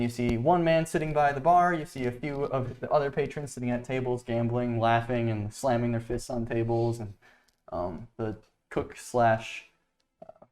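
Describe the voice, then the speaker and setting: A man's voice: medium pitch, darkish tone. A man running a tabletop game as game master, describing scenes casually with lots of fillers. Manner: rambling, full of likes and ums.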